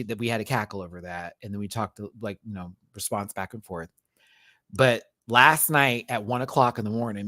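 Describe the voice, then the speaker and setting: In a casual livestream, a man reviews a drag competition show, sassy and campy, packing in slang and frequent laughter as he talks straight to viewers. His mid-range voice has a fairly bright tone, recorded dry with studio quality.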